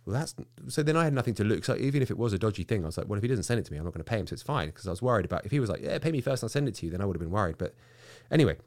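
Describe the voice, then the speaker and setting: Fast-talking deep-voiced man. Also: no room sound, clean studio sound. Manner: animated storytelling, swearing, stammers when excited. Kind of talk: casual chat.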